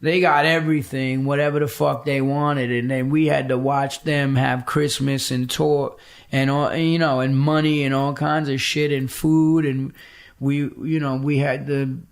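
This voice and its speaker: A man's voice: medium pitch, unhurried. A middle-aged man, a podcast guest telling a story in conversation, swearing freely and acting out the voices of the people he quotes. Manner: profane, animated, acts out quoted voices.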